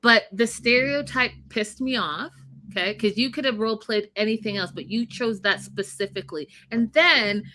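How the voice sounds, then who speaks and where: A woman's voice: fairly high pitch, normal speed, bright, forceful tone. A woman co-hosting a casual recap chat, talking in a blunt, emphatic way and swearing freely. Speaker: podcast co-host.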